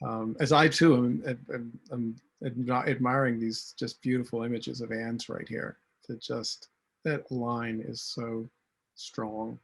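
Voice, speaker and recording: Brief: man panelist, gravelly husky voice, earnest and halting. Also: medium pitch, flat delivery. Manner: earnest, restarts often. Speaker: cartoonist and designer. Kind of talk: panel discussion.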